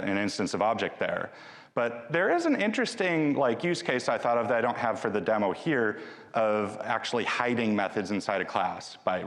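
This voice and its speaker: A man's voice: mid-range voice, fairly bright tone. A man giving a live conference talk with a demo, chatty and joking, often restarting his sentences. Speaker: conference speaker. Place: large conference hall. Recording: long hall reverb.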